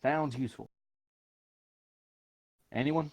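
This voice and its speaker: A man's voice: medium pitch, slow pace. A man speaking as a player in a tabletop game, hesitant and asking lots of questions. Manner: hesitant, asks many questions. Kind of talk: casual tabletop play.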